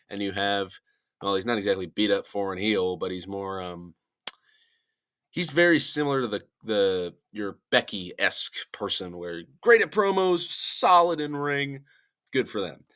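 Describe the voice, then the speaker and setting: A man's voice: on the low side, a bit bright. A young man YouTuber giving casual, rambling commentary and laughing at himself as he goes.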